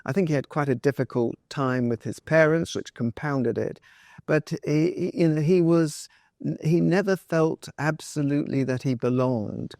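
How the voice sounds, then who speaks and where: A man's voice: fairly high pitch, moderate pace, darkish tone, dry recording, clean studio sound. A man as an interview guest, answering in a thoughtful, wry way and telling stories about his family.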